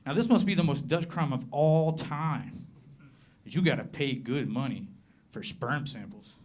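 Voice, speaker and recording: Performing stand-up at a comedy club before a live audience, a man from southern Appalachia, USA, speaks with a Southern American accent. His voice is medium-pitched, and he slows his punchlines into a deadpan.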